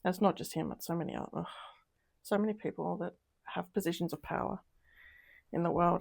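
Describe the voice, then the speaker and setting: A woman's voice: on the low side, steady tone, a little fast, vocal fry, pauses often, darkish tone. A woman doing a casual tarot reading, talking in an upset, emotional way with sighs and trailing sentences. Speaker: tarot reader.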